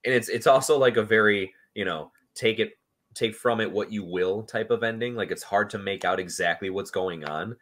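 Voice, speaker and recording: A man's voice: fairly low pitch, normal speed, a bit bright. A man talking on a movie podcast in a loose, rambling way, with frequent ums and restarts. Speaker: podcast panelist. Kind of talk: casual chat.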